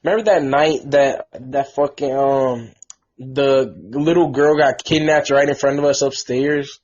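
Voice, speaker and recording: A man's voice: medium pitch, fairly even intonation, unhurried, darkish tone. A man co-hosting a casual podcast, chiming in with teasing banter. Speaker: podcast co-host. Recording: dull lo-fi podcast mic.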